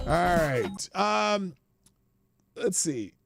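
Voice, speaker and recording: Man hosting a livestream, gravelly voice, lively pitch, profane and flippant, sounds tired. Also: a little slow, long pauses, over music. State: tired, yawning. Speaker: livestream show host. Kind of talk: casual livestream commentary and Q&A.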